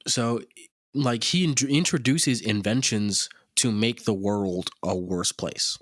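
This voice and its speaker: A man's voice: on the low side, slow pace, no echo, clean studio sound. A man co-hosting a casual podcast, telling a story in a rambling, profane way with lots of fillers. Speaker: podcast co-host.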